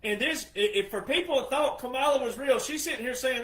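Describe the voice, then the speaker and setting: A man hosts his own opinion show, scornful and mocking as he talks. His voice sits high for a man and moves between muttered asides and loud outbursts. The room around him is echoey. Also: a little fast. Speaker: political commentator host. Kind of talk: opinionated casual monologue.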